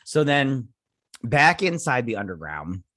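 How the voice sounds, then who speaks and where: A man recapping a TV episode in a loose, rambling way, full of "um"s, "like"s and self-corrections as he paraphrases scenes. His voice sits at an average pitch for a man. The sound is dry and close, with no room echo. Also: sing-song, measured pace, sharp tone. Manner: sipping coffee early in the morning. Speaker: host reviewing a TV episode.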